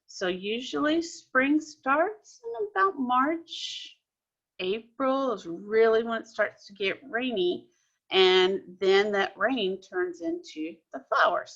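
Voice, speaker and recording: Patient teacher woman, slow and bright. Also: mid-range voice, sing-song, lo-fi sound. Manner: patient, explaining step by step to children. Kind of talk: recorded classroom lesson.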